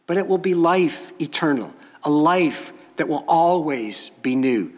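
A male preacher delivering a sermon in a slightly raised voice. He speaks very slowly and deliberately, stretching out key phrases and pausing for effect. His words ring out with the long reverb of a large hall. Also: on the high side, very animated. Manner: slow, emphatic preaching with dramatic pauses.

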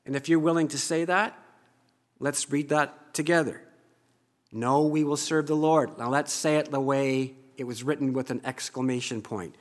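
A man preaching slowly and deliberately, his fairly high voice swelling on the lines he stresses. A long church reverb trails behind each phrase. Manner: slow, emphatic preaching, rising loud on key phrases. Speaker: pastor. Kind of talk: sermon reading scripture with congregation.

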